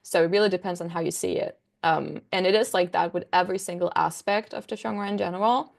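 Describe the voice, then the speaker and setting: A woman's voice: fairly low pitch, fairly even intonation, quick pace, vocal fry. A young woman, a book content creator, chatting as a guest in a casual interview, rambling enthusiastically with lots of fillers.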